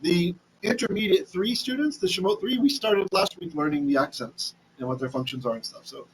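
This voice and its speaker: A man's voice: high-pitched, brisk, slight background noise, poor audio. Chatty man teaching Bible verses. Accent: Ashkenazi Hebrew reading. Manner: chatty, many restarts, asks "right?". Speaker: Torah teacher. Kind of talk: casual Bible lesson.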